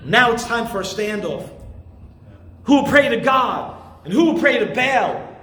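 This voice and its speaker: An impassioned male pastor delivers a sermon in a very high voice. He stresses his points hard and at times rises to shouts. His voice rings in an echoey room. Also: animated, measured pace, pauses often. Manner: impassioned, emphatic, rising to shouts.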